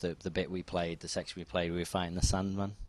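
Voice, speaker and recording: A man's voice: sits low, fast, dry recording. A man chatting casually about video games as a co-host, rambling with restarts. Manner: rambling, excitable, many restarts. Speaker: podcast co-host. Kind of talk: casual chat.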